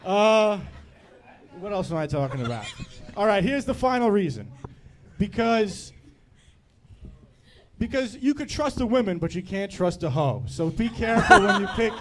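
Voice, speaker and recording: A man making mock-serious arguments in a comic debate with a deadpan delivery. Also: high voice, moderate pace. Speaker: comedy debater.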